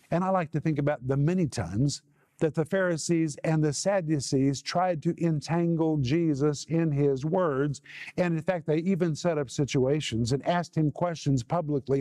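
A man's voice: a little high, warm tone, no echo, clean studio sound. Emphatic man teaching a TV sermon. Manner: emphatic, repeats key words for stress. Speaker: TV Bible teacher. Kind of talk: televised sermon.

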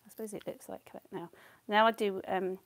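A woman's voice: medium pitch, steady tone, brisk, no room sound. A woman hosting a live watercolour demo, thinking aloud, trailing off and answering viewer comments as she paints. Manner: chatty and self-deprecating, thinks aloud, often trails off. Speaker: watercolour artist and channel host.

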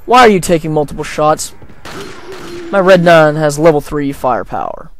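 Gravelly, jokey let's-play guy. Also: fairly high pitch, lively intonation, moderate pace. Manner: rambling, jokey, self-deprecating. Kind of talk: casual gameplay commentary.

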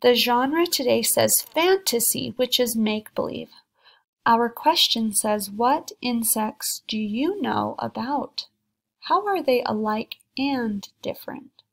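A woman teacher reading a children's story aloud, slowly and deliberately, pausing between short phrases. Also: on the high side, lively intonation, creaky. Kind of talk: slow read-aloud lesson for children.

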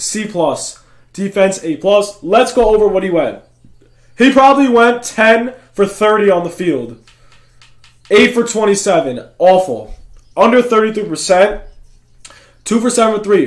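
Excitable young man commentating gameplay. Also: sits high. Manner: frustrated, excitable running commentary with slang. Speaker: gaming YouTuber.

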